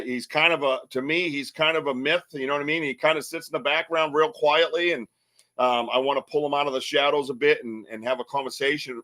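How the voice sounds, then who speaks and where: Joking, bright-voiced male podcast host. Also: a little high. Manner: rambling, joking, laughs often. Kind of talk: casual live podcast banter.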